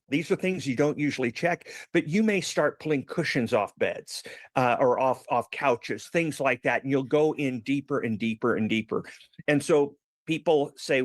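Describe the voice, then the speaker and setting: Calm man explaining with an analogy. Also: medium pitch, no echo. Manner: patient, explains step by step with everyday analogies. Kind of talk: explanatory commentary.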